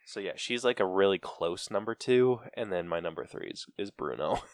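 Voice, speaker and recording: Low-pitched and expressive, a male podcast co-host talks at normal speed in casual, rambling chat peppered with fillers and laughs. His audio is clean studio sound without any room sound.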